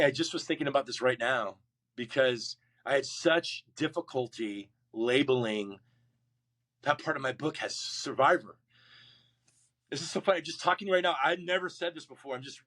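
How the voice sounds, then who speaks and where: A middle-aged man, a Marine veteran guest, telling his life story in an interview, acting out the voices of people in it. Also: fairly high pitch. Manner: animated, acts out quoted voices, frequent restarts.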